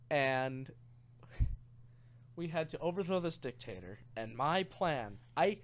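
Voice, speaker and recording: A young man with a slightly high voice tells a long, rambling story from a tabletop game. He keeps restarting his sentences, and he gets louder and swears as he gets excited. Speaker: podcast co-host telling a game story. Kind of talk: casual storytelling chat.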